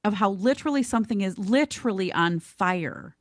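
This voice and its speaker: A woman's voice: mid-range voice, a little fast, dry recording. Chatty woman, dry studio sound. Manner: animated storyteller, laughs easily. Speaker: podcast co-host. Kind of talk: casual podcast conversation.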